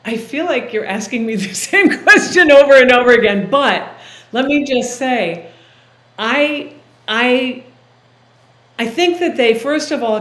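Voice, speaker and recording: Woman guest chatting about her work, a bit high voice, lots of room echo, lively and laughy. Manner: warm, enthusiastic, laughs easily. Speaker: video producer and director, interview guest. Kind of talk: casual interview conversation.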